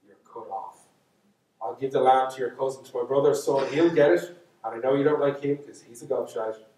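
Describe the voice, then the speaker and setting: A man's voice: medium pitch, fairly quick, warm tone, lightly acted. An Irish man voicing a stern, well-off farmer father who scolds his son. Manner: scolding, laying down the law. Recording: echoey hall, speaker far from mic.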